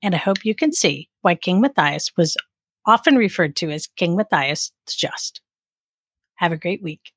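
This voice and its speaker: A woman storyteller reading a folk tale aloud with expressive narration. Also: fairly low pitch, moderate pace, slightly rough, no room sound, clean studio sound.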